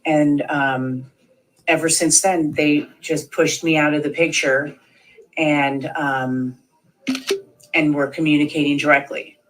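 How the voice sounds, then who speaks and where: Speaking slowly and steadily in a low voice, this woman in her thirties tells an interviewer what happened, the recording quality poor. She wanders, leans heavily on fillers, and performs the voices of those she quotes.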